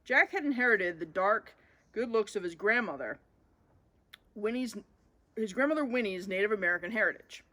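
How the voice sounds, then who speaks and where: A woman reading a children's storybook aloud in an expressive way, as the show's host. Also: mid-range voice, normal speed, long pauses.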